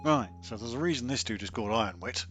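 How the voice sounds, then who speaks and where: A man's voice: medium pitch, expressive, fast talker, a bit bright, faint music behind. A man hosting a let's play, giving easygoing, wry commentary on the game.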